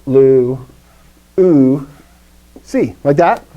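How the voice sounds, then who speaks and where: A man's voice: medium pitch, drawn-out words, highs cut off. A man teaching a Greek class, explaining rules playfully and asking his students questions. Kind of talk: live classroom lesson.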